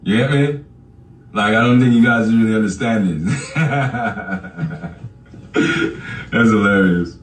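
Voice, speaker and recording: A man's voice: lowish voice, takes it slowly, pauses often. A man hosting a podcast, ranting casually and profanely straight at his listeners, laughing often as he talks. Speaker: podcast host. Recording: echoey room, far from the mic.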